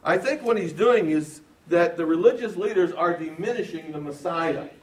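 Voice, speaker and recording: A man preaching a verse-by-verse Bible sermon, swinging from quiet explanation to loud emphasis and asking his audience questions. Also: a little high, normal speed. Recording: roomy sound from a distance.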